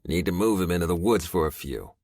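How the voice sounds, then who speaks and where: A man voicing a brisk, practical male biker in an audiobook, terse and urgent. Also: deep voice, a little mellow, no room sound, studio quality, distant mic.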